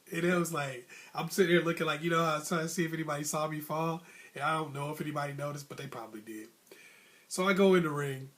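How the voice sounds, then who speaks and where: Male host, high register, casual storyteller who acts out the other voices. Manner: animated, acts out voices of coach and referee; casual, colloquial speech. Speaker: advice channel host.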